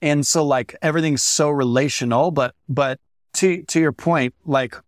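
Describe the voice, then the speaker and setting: A man's voice: on the high side, normal speed, no echo, clean studio sound. A man speaking as a guest on a podcast, earnest and reflective, sharing heartfelt thoughts. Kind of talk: reflective interview chat.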